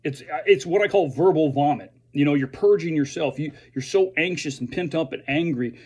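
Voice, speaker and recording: Earnest, halting man with a slightly high voice. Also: a little mellow, husky. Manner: earnest, halting, with frequent restarts. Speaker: veteran speaking to fellow veterans. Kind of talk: earnest direct-to-camera message.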